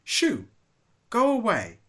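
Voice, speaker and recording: Dad doing a shrill vain tom cat, pitch jumping all over, storybook voice. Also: male voice, expressive, normal speed, natural voice. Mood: outraged. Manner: shrill indignant outbursts. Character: vain, jealous male cat ruling the town. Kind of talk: storybook read-aloud.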